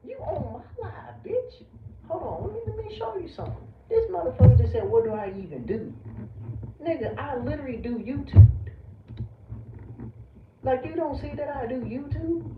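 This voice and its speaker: A man's voice: extremely high pitch, animated, moderate pace. Heated profane man streaming live. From United States. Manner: heated, profane, arguing back at viewers. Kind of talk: livestream rant at chat. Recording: roomy, distant, dull lo-fi audio with background noise.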